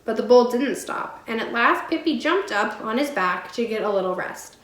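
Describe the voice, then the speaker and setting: A woman teacher reads a storybook aloud in a clear, steady way. Her voice sits a little high. The room around her is echoey. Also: moderate pace.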